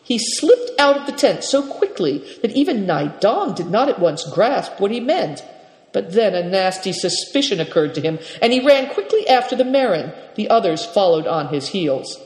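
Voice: medium pitch, expressive, normal speed, darkish tone. A storyteller reading a book aloud expressively, doing voices for the characters. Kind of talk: storybook narration. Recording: reverberant, echoey room.

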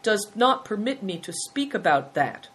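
A woman's voice: medium pitch, very animated, unhurried, a bit bright, breathy edge, voice pushed up, heavily acted, rough recording. A woman voicing a timid, earnest boy who speaks nervously and stammers.

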